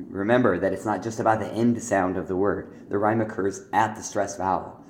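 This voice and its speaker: Deep male teacher talking through rhyme feedback, hesitant and explanatory, recorded in an echoey room. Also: a little mellow, slight background noise. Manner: explanatory, with fillers and throat-clearing. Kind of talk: spoken feedback on rhyme exercises.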